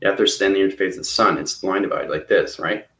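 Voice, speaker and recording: A man's voice: low voice, rapid-fire, a bit bright, roomy sound. A man giving a rambling spiritual lesson, often stopping to check in with "okay?" and "right?". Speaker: spiritual teacher. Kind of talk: casual instructional monologue.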